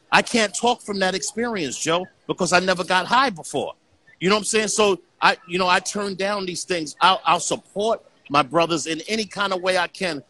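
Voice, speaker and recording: A middle-aged man speaking as a guest in an easygoing talk. His voice is bright and forceful and sits a little high, and he keeps circling back with "you know what I'm saying" in an earnest way. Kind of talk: casual conversation.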